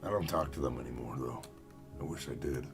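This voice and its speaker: A man's voice: rumbling low, brisk, over loud music. A young American man chatting casually with viewers while playing a game, rambling and self-mocking. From United States. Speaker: gaming streamer.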